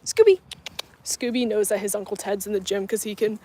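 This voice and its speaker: A woman's voice: mid-range voice, fairly even intonation, quick pace, a little mellow. Chatty young woman vlogging outdoors. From North Carolina, US coast. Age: 20s. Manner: chatty, laughs often, answers viewer comments. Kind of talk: casual livestream chat. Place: outdoors, parking lot and grassy area.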